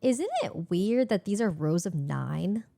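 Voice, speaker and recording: A young woman streamer chatting casually, animated and expressive, laughing and swearing freely. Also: on the low side, a little slow, gravelly, soft background music. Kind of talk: casual live-stream chat.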